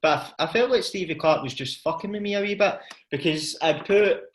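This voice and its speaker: A man's voice: high voice, echoey room. A Scottish man from Ayrshire co-hosting a podcast, swearing and laughing a lot as he chats. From Scotland. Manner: laughs often, swears, quick banter. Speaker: podcast co-host. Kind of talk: casual chat.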